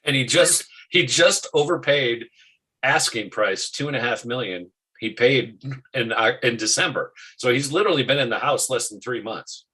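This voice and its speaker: A man hosting a casual market talk show, animated and quick to restart his sentences. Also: mid-range voice, breathy edge, poor audio.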